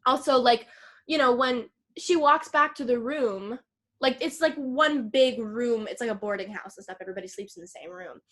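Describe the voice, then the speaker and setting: A woman co-hosting a podcast, recapping a film in a rambling, excitable way, full of "like" and swearing. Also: on the high side, moderate pace. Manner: rambling, filler-heavy, lots of "like"; profane, excitable retelling. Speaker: podcast co-host. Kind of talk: casual film recap chat.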